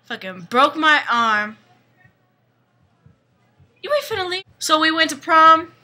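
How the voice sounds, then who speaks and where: A woman's voice: sits high, very animated, takes it slowly, background noise, full character voice. A woman playing a brash young woman who tells her vampire romance in a crude, slangy comedic parody monologue, acting out the other characters' lines.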